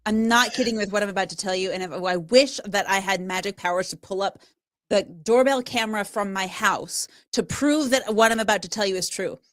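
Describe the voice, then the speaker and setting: A woman who works as a public speaker and trainer, telling stories in an emphatic, animated way during a podcast interview. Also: mid-range voice, fairly quick, dry recording, studio quality.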